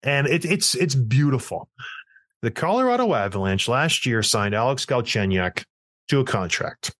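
A man co-hosting a casual hockey podcast, telling stories in an animated, ranting way. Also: medium pitch, normal speed, no echo. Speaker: podcast co-host.

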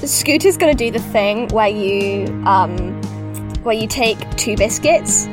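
A woman's voice: mid-range voice, lively intonation, takes it slowly. A woman narrating as game master of a tabletop game, rambling and hunting for words with lots of fillers. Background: music.

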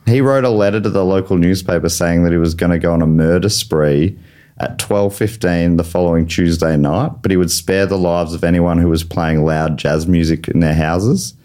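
A man's voice: low-pitched, moderate pace, dark tone. An Australian man hosting a comedy quiz podcast, reading out questions and trivia in a chatty way. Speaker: quiz host. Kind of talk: casual comedy podcast banter.

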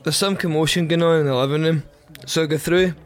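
A man's voice: a little high, steady tone, quick pace. Wry, profane Scottish man telling a story. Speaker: podcast host. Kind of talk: first-person storytelling narration.

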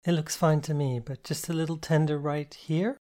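A playful, affectionate woman with a soft, teasing way of speaking, as a male narrator lifts his voice to play her. She sounds fond and amused in an audiobook reading. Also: a little high, fairly even intonation, normal speed, pitched above the performer's own voice, lightly acted.

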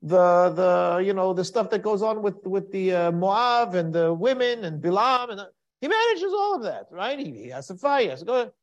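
A man's voice: high-pitched, animated, normal speed, dull audio. A man teaching a Torah class in a conversational style, asking rhetorical questions and quoting Hebrew verses.

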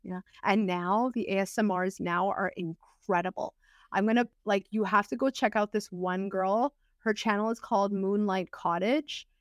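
A woman co-hosting a podcast in casual chat, animated, with quick laughs and lots of fillers. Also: mid-range voice, dry recording, studio quality. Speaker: podcast co-host.

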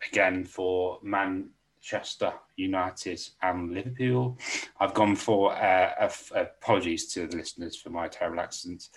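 A man co-hosting a podcast, chatting casually and jokily about weekend football bets. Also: deep voice. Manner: laid-back, jokey, calls listener mate. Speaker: podcast co-host. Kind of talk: casual betting tips chat.

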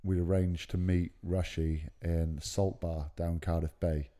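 A man's voice: low-pitched, little pitch movement, measured pace, dark tone. A man telling a story in casual, matey podcast chat. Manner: laid-back, chatty, matey. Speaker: podcast co-host.

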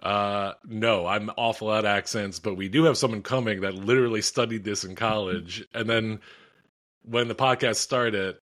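A man's voice: fairly low pitch, steady tone, moderate pace, fairly bright tone. A man co-hosting a casual podcast, running the show's business in a loose, joking way. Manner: loose, joking, laughs through asides. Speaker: podcast co-host.

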